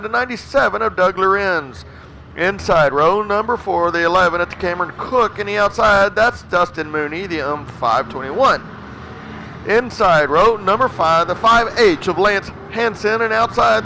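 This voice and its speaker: A man announcing a race at an outdoor track, with folksy, excitable play-by-play calls. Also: sits high. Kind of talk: live race commentary. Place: outdoor racetrack. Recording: noisy outdoor track, engines behind.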